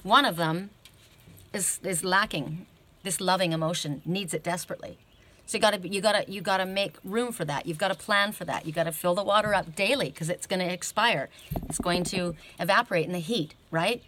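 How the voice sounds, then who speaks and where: A woman with a lowish voice doing a casual oracle card reading, wandering from card to card and thinking aloud. She often checks in with a quick "right?" as she goes. A faint hiss sits under the recording. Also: a bit bright. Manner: rambling, searching aloud, often tags "right?".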